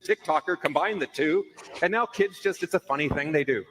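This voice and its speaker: A man's voice: on the high side, brisk, fairly bright tone, a little hiss or hum, low-quality recording. Man casually recounting a story. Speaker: commentator in a reacted video. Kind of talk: storytelling commentary.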